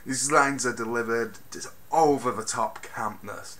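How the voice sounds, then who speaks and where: A man giving a casual spoken film review, animated and ranting, swinging from mutters to loud bursts and swearing freely. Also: mid-range voice, measured pace. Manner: swears freely, exasperated rants.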